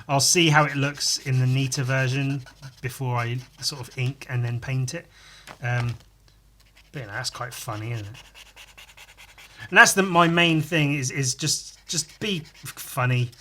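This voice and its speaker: A man hosts his podcast while drawing, chatting casually as he works. His voice is bright and clear, and he wanders between muttered asides and crude, jokey remarks. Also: medium pitch, measured pace. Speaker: podcast host drawing live.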